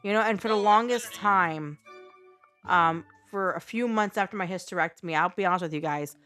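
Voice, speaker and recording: A woman's voice: on the low side, normal speed, fairly bright tone, soft background music. A woman streaming a game live, talking blunt and unfiltered to her chat and swearing freely.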